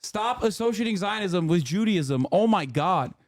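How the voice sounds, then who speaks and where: Sarcastic streamer guy, kinda high voice, swears a lot, dry close mic. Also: animated, no echo. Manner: profane, sarcastic, quick. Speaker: streamer host. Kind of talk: casual commentary.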